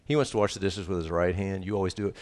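A man's voice: low voice, fairly even intonation, racing, a little mellow. A middle-aged man preaching a sermon on marriage, emphatic and joking, repeating his key lines. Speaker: pastor.

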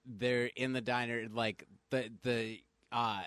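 A man hosting a casual chat, relaxed and rambling, with many fillers. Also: mid-range voice, slow, clean tone, no room sound.

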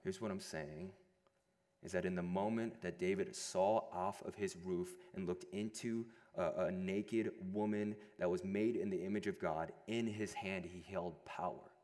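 A young adult man preaching a sermon to a room of listeners, animated, moving between loud emphasis and hushed quiet passages. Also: low voice, unhurried. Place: large room with an audience. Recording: long hall reverb.

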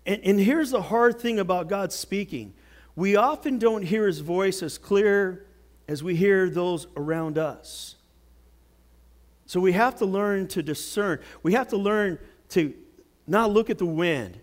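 A man preaching a sermon, telling a Bible story with dramatic swings from loud outbursts to hushed words. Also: sits high, a little slow. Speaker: pastor.

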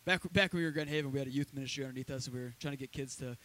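A man preaching a sermon as a pastor in a church, talking in a loose, conversational way with lively asides. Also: medium pitch, very fast, poor audio. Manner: conversational, energetic preaching with asides and acted quotes.

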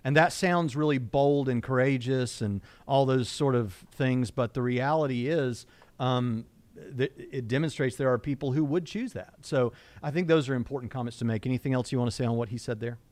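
A middle-aged man from Southwest Indiana speaks, in a dry, close recording. He co-hosts a casual discussion at a medium pitch and gets animated when he quotes others. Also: normal speed, no room sound. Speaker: co-host.

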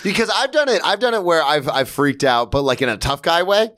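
A man's voice: fairly high pitch, animated, fairly quick, fairly bright tone. Young man telling rambling stories. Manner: rambling storyteller, laughs through stories. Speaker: comedian. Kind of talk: casual podcast chat.

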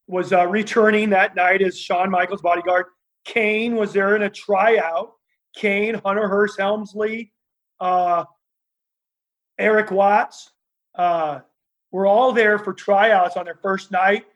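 Male interview guest, high-pitched, animated storyteller, lots of fillers and restarts. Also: poor audio. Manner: laughs while telling stories. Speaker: interview guest, former wrestler.

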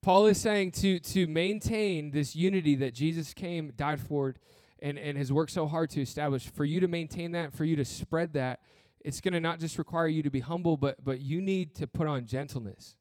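Man, pastor preaching, fairly high voice, blunt and earnest, dry close sound. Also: normal speed, few pauses, a little mellow, no echo. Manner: earnest, blunt preaching with humor and repeated phrases. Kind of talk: sermon.

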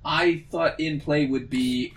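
A man with a Canadian accent, co-hosting a podcast in casual chat and speaking in a hesitant, halting way. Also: on the high side, steady tone. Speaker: podcast co-host.

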